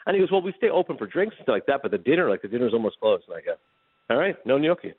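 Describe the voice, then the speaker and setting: A man calls in to a radio show and rattles off a story at high speed, acting out each person's lines as he goes. His voice comes through a dry, narrow, phone-like line. He sounds animated and chatty. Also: husky, dry recording. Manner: animated, fast anecdote telling with acted-out dialogue. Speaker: radio guest. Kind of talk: casual storytelling chat.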